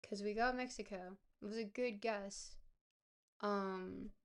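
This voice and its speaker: Hoarse, gravelly-voiced woman streamer. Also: mid-range voice, fairly even intonation, slow. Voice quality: gravelly, smoker-like. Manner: chatty, thinking aloud, greeting chat. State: hoarse from a cold. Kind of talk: casual live-stream gameplay commentary. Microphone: close desk mic.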